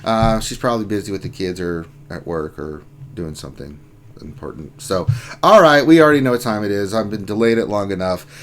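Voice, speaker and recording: A man's voice: lowish voice, animated, a little fast, a bit bright. A man hosting a casual livestream, reading out chat names and mock-groaning about his luck. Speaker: stream host.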